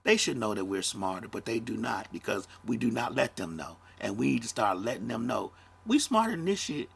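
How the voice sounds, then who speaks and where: A man's voice: medium pitch, big pitch swings, fairly quick, creaky, a bit bright, breathy edge. A man in his fifties, a podcast host, talking bluntly in a casual monologue and swearing freely. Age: 50s. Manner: blunt, profane, conversational.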